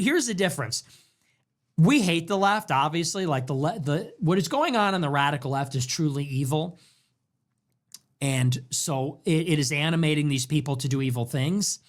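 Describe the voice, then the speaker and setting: A man hosting a casual political commentary show, talking emphatically and with scorn. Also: fairly high pitch. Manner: emphatic and scornful, mocking mimicry.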